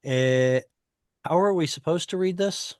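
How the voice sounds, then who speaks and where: A man's voice: on the high side, measured pace, a little mellow, clean tone, no echo, studio quality. A man teaching an online class, explaining patiently over a video call with frequent fillers. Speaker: Hebrew teacher.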